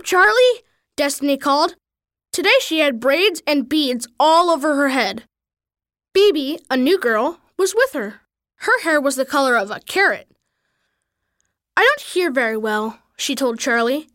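A woman reads a children's story aloud, expressive and animated throughout. Her voice is high and swings widely from line to line. The recording is dry and close. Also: normal speed, dry recording. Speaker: reader.

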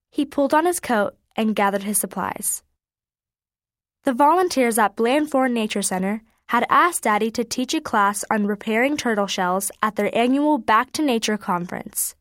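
A woman narrating a children's storybook in an expressive, clear way. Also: on the high side, no echo, clean studio sound.

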